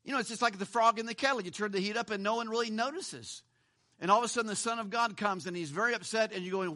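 Pastor, male, high bright voice, chatty sermon with rhetorical questions. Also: quick pace. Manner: conversational, repeats words, asks rhetorical questions.

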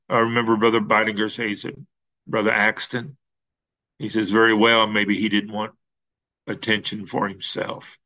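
Slow, bright-voiced preacher man. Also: on the low side, rough recording. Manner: slow halting storytelling with many fillers, rising to emphatic peaks. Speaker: pastor. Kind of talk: sermon.

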